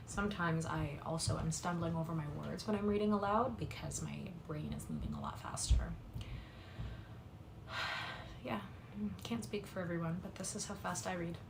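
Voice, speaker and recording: A woman reading a classic novel aloud from a home streaming setup, in a slightly low voice with a faint hum of room noise behind her. She reads at a quick pace and drops into soft, apologetic chat with her viewers between passages. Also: vocal fry. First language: English. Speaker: livestream reader.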